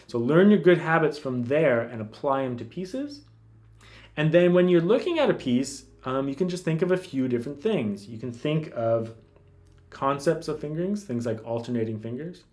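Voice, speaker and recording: A man teaching classical guitar in a relaxed, casual way, thinking aloud with lots of fillers and restarts. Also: fairly high pitch, moderate pace. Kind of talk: casual instructional talk.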